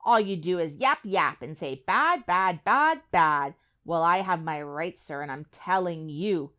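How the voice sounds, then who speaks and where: A woman's voice: fairly low pitch, animated, a little slow, clear, resonant tone. A woman voicing a greedy, defiant male factory owner from a storybook, boastful in tone.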